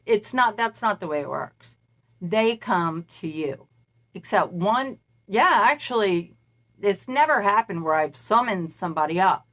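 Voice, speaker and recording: A woman's voice: medium pitch, animated, measured pace, a bit bright. A woman who calls herself a spirit medium, talking casually in a meandering monologue and recounting events at length. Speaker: self-described spirit medium.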